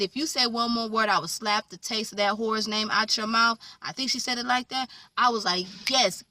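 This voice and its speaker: A woman's voice: mid-range voice, no echo, distant mic. Sassy woman recapping a TV episode. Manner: animated, sassy, talks back to the characters. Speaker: TV recap vlogger.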